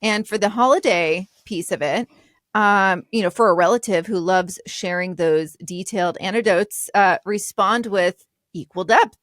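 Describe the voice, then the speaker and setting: A woman's voice: medium pitch, unhurried, a bit bright, no echo, clean studio sound. A middle-aged woman co-hosting a podcast, talking in a straightforward, chatty way. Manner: straightforward, laughs often. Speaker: podcast co-host. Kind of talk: casual chat.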